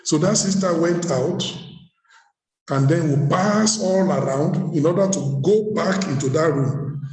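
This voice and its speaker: A man preaches in a high, mellow voice, telling his story and repeating key phrases for emphasis. His words ring out with a long reverb, as in a large hall. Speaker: pastor. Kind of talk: sermon at leadership workshop. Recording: echoey hall.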